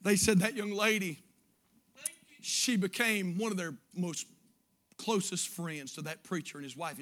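A middle-aged man, preaching a sermon and telling a story that builds to shouted fervor. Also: high-pitched. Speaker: pastor.

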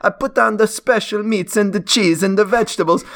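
A man doing a proud, excitable Italian cook. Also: a little fast. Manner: exaggerated high mock accent.

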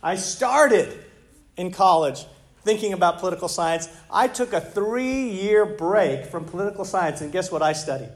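High-voiced animated male preacher. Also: unhurried. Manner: animated, conversational preaching with rhetorical questions. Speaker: pastor. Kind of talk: sermon.

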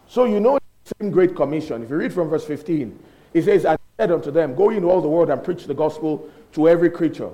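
A man preaching a sermon, emphatic and animated, repeating lines for effect and acting out dialogue. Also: fairly high pitch, low-quality recording.

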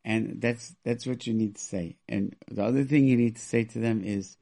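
Male radio advice host. His voice is gravelly and full of fry, and he talks with emphasis. He acts out quoted parents as he explains. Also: medium pitch, steady tone, normal speed, few pauses, dark tone. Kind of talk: call-in radio advice talk.

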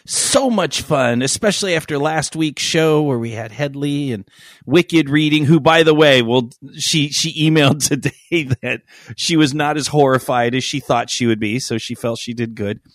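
A man's voice: fairly high pitch, normal speed, dry recording, studio quality. A man hosting a podcast, chatting playfully and feigning offense for laughs. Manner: playful, mock-indignant. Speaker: podcast host. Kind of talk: casual chat.

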